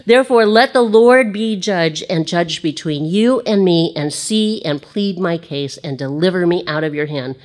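A woman's voice: on the low side, moderate pace, hardly any pauses, a little mellow, lightly acted. A woman voicing a young male warrior who earnestly pleads with a king, read with emphasis from scripture. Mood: pleading.

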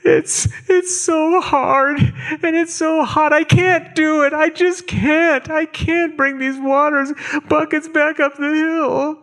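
A man preaching a sermon, voicing a crying eight-year-old girl who pleads slowly in a high, tearful voice. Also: steady tone, a bit bright, heavily acted. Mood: tearful pleading.

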